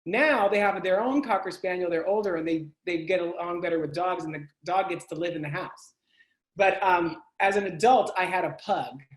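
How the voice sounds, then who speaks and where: A man interviewing a guest over a video call, animated and quick to laugh. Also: high voice. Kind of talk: casual video-call conversation. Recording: echoey room on a video call.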